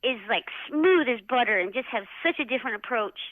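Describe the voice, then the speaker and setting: A middle-aged woman, a former jockey, telling lively stories in a casual interview and acting out quotes with lots of "like.". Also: fairly high pitch, a little fast, dry recording. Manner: animated, acts out quotes in a raised voice, many "like"s. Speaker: retired jockey, interview guest. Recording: dull, dry lo-fi sound.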